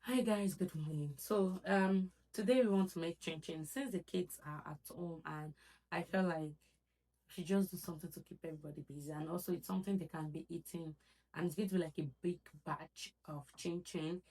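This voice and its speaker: A woman in her twenties with a Nigerian accent vlogs from home, chatty and rambling, peppering her speech with "like" and "so yeah." Her voice is on the low side with a dark tone, and she talks fairly quickly.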